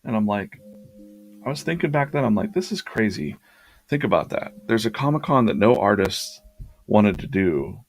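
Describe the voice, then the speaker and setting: A man's voice: lowish voice, lively intonation, moderate pace, soft background music. A man hosting a live drawing stream, telling a long anecdote in a casual, rambling way with lots of fillers and restarts.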